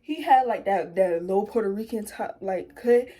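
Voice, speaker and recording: A woman's voice: moderate pace, shouting, a little hiss or hum. A young woman, casually telling a storytime and animatedly acting out quotes. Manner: animated, acts out quotes in a high voice. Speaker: vlogger.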